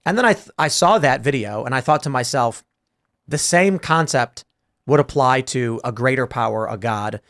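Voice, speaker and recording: A man's voice: mid-range voice, lively intonation, normal speed, fairly bright tone. A man hosting a casual panel talk show, telling a story and acting out both sides of a conversation. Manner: thinking aloud through abstract ideas. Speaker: podcast host.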